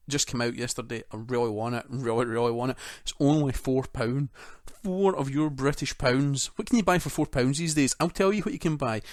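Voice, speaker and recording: A man's voice: medium pitch, dry recording, studio quality. A man co-hosting a casual gaming podcast, enthusiastic and joking, swearing freely. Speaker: podcast co-host.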